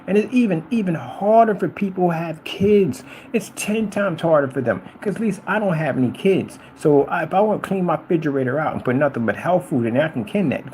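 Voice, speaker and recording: Animated rambling middle-aged man ranting. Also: on the high side, a little hiss or hum, rough recording. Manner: rambling and repetitive, addressing a rival directly. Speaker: vlogger. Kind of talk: ranting monologue to camera.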